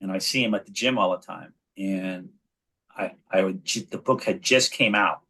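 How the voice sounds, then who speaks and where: A man's voice: low-pitched, normal speed, breathy edge. A man in his forties from New York, telling stories animatedly as an interview guest. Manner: animated storyteller, frequent restarts. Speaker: guest, actor and children's author. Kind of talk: casual interview chat.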